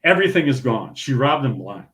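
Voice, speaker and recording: Speaking fairly quickly in a mid-range voice, this older St. Paul, Minnesota man, once a professional bowler, spins a laughing anecdote on a podcast, often starting over. The room echoes, and slight background noise is present.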